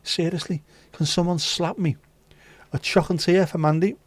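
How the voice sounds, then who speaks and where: This casual-chat livestream features a host handing out virtual drinks, cheekily bantering and cursing freely with viewers. His voice sits on the high side with fairly even intonation and a moderate pace, in a dry recording.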